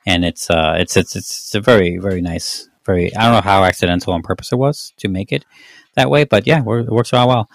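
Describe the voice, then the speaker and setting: A man's voice: sits low, fairly quick, gravelly, no room sound. A man from Mexico with a slight Mexican accent, hosting a casual movie-review podcast and rambling with lots of fillers. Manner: rambling, many fillers and restarts. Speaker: podcast host.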